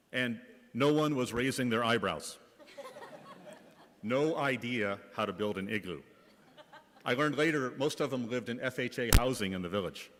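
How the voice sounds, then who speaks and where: A man's voice: medium pitch, a bit bright. A man from the Bay Area, a school principal, telling wry anecdotes with light comic timing during a reflection in church. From Bay Area, California. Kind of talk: humorous storytelling reflection in church. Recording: reverberant church hall.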